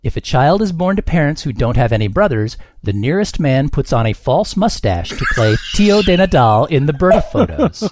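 A man's voice: medium pitch, very animated, moderate pace, hardly any pauses, very noisy. A man hosting a comedy quiz game on a podcast, reading scores and answers with a wry, self-mocking manner.

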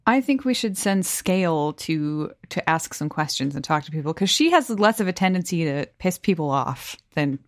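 A woman's voice: deep voice, expressive, moderate pace, hardly any pauses, dry recording, clean studio sound. A woman playing a tabletop game, thoughtful and planning. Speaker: player. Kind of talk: casual game play.

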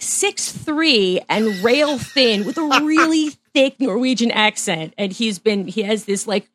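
Woman podcast guest, chatty and giggly, slightly high voice. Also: a little hiss or hum. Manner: chatty, laughs often, restarts sentences. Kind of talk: casual interview chat.

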